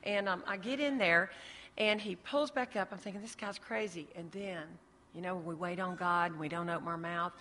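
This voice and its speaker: Lively woman in a reverberant hall. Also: fairly low pitch, moderate pace. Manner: lively storyteller acting out dialogue. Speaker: ministry founder telling her story. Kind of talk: testimony talk to an audience.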